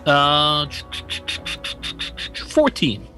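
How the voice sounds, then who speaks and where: A man takes his turn as a tabletop game player, thinking aloud with lots of ums and restarts. His voice is fairly high for a man, very bright, and lively in pitch. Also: drawn-out words, faint music behind. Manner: hesitant, many ums and restarts. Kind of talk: casual tabletop play.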